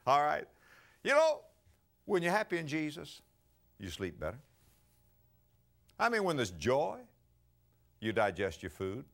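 A middle-aged male pastor preaching a sermon, telling stories with acted-out voices and swinging between soft asides and loud bursts. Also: on the high side, huge pitch swings, a little slow, gravelly, pauses often.

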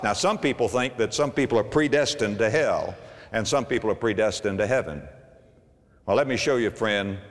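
A man preaching a sermon, with a dramatic delivery that swings from quiet asides to ringing high cries. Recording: long hall reverb.

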